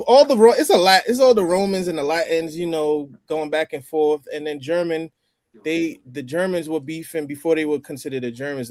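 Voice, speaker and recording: A man's voice: on the high side, a little mellow, dry recording. Man hosting, dry close sound. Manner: chatty, explains phrases step by step. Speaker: host. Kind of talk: casual roundtable chat.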